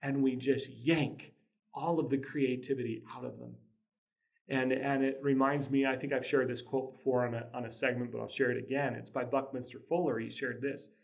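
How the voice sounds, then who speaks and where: A man at a mid-range pitch talks to listeners about raising kids. He tells the story in an earnest, chatty way, chuckles often, and starts phrases over when he loses his place. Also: fairly even intonation, normal speed, creaky, lo-fi sound. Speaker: podcast host, father. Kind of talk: casual motivational talk.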